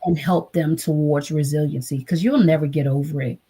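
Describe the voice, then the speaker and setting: A woman's voice: deep voice, fairly even intonation, moderate pace, dark tone, a little hiss or hum. A woman guest, a trauma advocate, telling an emotional personal story in an earnest way. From United States. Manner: earnest, acts out quoted voices.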